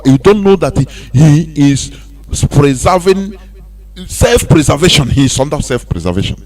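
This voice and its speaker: A very animated man with a voice on the high side and a little mellow speaks at a moderate pace. He hosts a radio show from the studio with a Nigerian accent, preaching through rhetorical questions in an impassioned monologue that turns sing-song.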